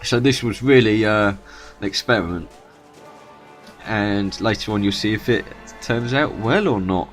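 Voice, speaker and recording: A gaming YouTuber with a fairly low voice commentates his own strategy game match at a measured pace, with faint music in the background. He's chatty and rambling, correcting himself as he goes.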